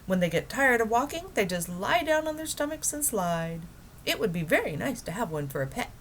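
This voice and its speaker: A woman's voice: mid-range voice, very animated, fairly quick, a little hiss or hum, pitched above the performer's own voice. A woman reading a children's book aloud, voicing an eager, dreamy middle-aged man who is enthusiastic about penguins. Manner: enthusiastic, wondering.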